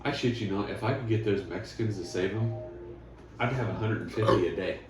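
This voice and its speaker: A man's voice: on the low side, fairly quick. A man telling stories and making plans in a profane, laughing casual chat with friends. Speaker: father chatting with friends. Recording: echoey room, far from mic, noisy.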